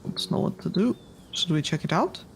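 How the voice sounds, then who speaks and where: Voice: medium pitch, expressive, normal speed, vocal fry, slight background noise. A player in a tabletop game, speaking casually with tentative, questioning remarks.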